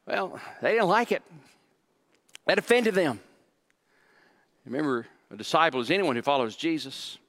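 A man pastor preaching a sermon, animated and acting out quoted voices, often repeating words for emphasis. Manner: animated, acts out quoted voices with rising pitch; repeats words when stressing a point.

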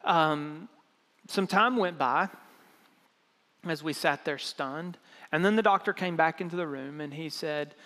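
A man's voice: on the high side, unhurried, pauses often, bright, forceful tone. A young adult man, a pastor, telling a personal story in a sermon, acting out the people in it in a conversational way. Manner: conversational, acts out quoted dialogue. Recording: long reverb of a large hall.

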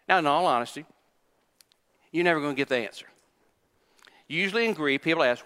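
A male pastor delivers a sermon with a high, bright voice that rings in the long reverb of a church hall. He hammers his points home through repetition and slips into the voices of the people he describes. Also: lively intonation, a little fast, long pauses. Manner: preaches with emphatic repetition, acting out quoted voices.

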